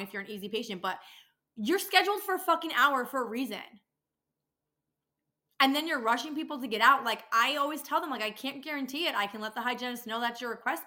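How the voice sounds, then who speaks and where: Young woman venting on a podcast, swears a lot, bright voice. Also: fairly high pitch, lively intonation, quick pace. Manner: ranting, swears freely, gets worked up. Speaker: podcast host, dental office worker. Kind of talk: casual monologue podcast.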